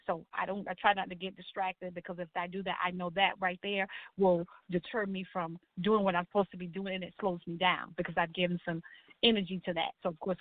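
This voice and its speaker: A middle-aged woman, telling her life story as a talk show guest in an animated way, acting out voices and crying out to the Lord. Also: lowish voice, no echo. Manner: animated storytelling, acts out quotes, churchy exclamations. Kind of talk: personal testimony in a talk show. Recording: tinny phone-line sound.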